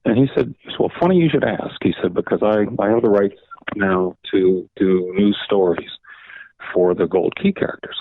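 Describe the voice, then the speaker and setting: An older man tells long, meandering stories as a podcast guest, looping back with "so anyway" and acting out the dialogue. His voice is low and gravelly. It comes through a dry, tinny, phone-like line. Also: fairly even intonation, normal speed, no echo. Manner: rambling anecdotes, repeats "so anyway", acts out quoted dialogue. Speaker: guest, veteran comics editor. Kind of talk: casual interview storytelling.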